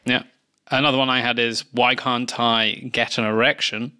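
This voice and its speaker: A man's voice: medium pitch, level tone, moderate pace, pushed and bright, clear, resonant tone. A young man co-hosting a podcast in casual chat, easygoing, full of fillers and dry jokes. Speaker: podcast co-host.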